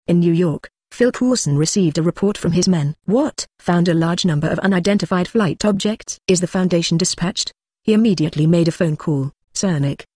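An audiobook narrator reading a translated web novel, keeping one steady, even delivery through narration and dialogue. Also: mid-range voice, no room sound, studio quality.

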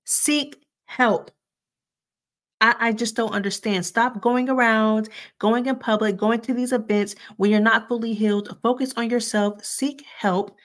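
A woman's voice: a little high, steady tone, normal speed. A woman in her twenties hosting casual pop-culture gossip commentary, blunt and sassy with slangy asides. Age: 20s.

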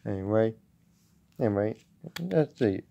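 A man casually reviewing a toy at home, talking in a halting way with many restarts. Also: on the low side, expressive, creaky, dark tone. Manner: halting, with frequent restarts and fillers.

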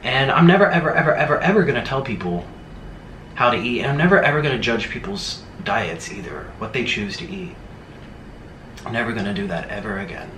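A man's voice: mid-range voice, expressive, moderate pace, fairly bright tone, slight background noise. Male mukbang host, chatty ranting delivery with mocking asides, roomy echo. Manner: rambling, emphatic, mocking impressions. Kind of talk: casual rant to camera. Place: room in Bangkok.

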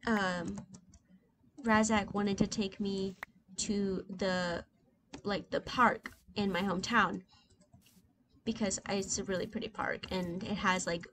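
A gaming channel host in her twenties chats casually while playing, rambling with lots of fillers. Her medium-pitched voice moves slowly with long pauses, shifting from soft and reflective to loud, excited outbursts. Keyboard and mouse clicks come through clearly.

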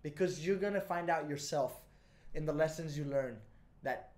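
A man's voice: fairly high pitch, normal speed, a little mellow. A man hosting a casual podcast interview, eager and affirming, swearing casually. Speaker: podcast host.

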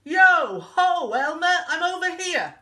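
A woman reading a picture book aloud, voicing a playful young male elephant with high, squeaky calls. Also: very animated, unhurried, pushed and bright, roomy sound, recorded from a distance, full character voice. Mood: calling out.

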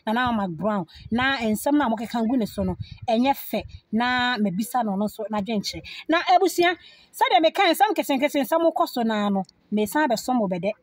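A Ghanaian woman presenting entertainment gossip news, telling the stories in an animated way with exclamations. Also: high voice, no echo, rough recording. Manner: animated storytelling with laughs and exclamations.

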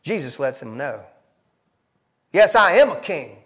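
A pastor delivering a sermon in a high, strikingly lively voice that climbs and dips constantly. He turns dramatic when quoting, jumping from hushed asides to loud, forceful lines. His manner is emphatic and theatrical. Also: a little slow. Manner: dramatic, voices quoted speakers with sharp swings in pitch and volume.

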